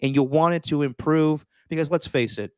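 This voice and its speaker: A man's voice: a little high, normal speed, no echo, studio quality. A man co-hosting a casual sports talk podcast, earnest and emphatic, repeating words when worked up. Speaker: podcast co-host.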